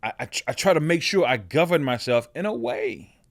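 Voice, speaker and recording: This man's heavy voice sits a little high, is very animated with vocal fry, and moves a little fast. He's a podcast host working through a reflective personal monologue conversationally, restarting and repeating words frequently and often asking "right?" The recording is dry and studio quality.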